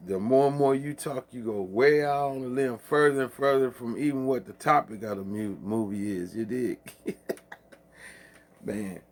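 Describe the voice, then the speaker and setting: A man's voice: medium pitch, moderate pace. A man hosting a casual late-night monologue, with loose, profane, preachy street talk, laughing at his own jokes. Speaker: livestream host.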